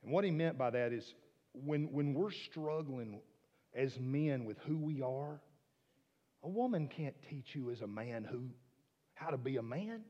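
A man preaching a sermon, swinging from soft hushed asides to loud emphatic declarations. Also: mid-range voice, expressive, measured pace, in a large hall, muffled recording. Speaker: pastor.

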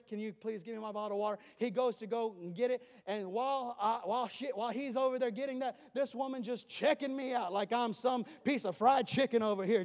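A man preaching a sermon in a church, telling stories and rising to emphatic shouts. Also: high-pitched, in a large hall. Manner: emphatic, shouting peaks, storytelling asides. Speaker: traveling preacher. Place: church sanctuary.

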